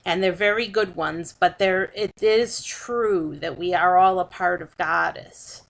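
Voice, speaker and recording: A woman giving an unscripted spiritual talk, slow and measured, often repeating and restarting her phrases. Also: fairly low pitch, vocal fry, poor audio. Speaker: spiritual teacher.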